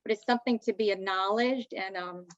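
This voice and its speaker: A woman giving medium readings as a guest, in a soft, reassuring manner with hesitant fillers. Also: mid-range voice, fairly quick, highs cut off. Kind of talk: spiritual reading, casual chat.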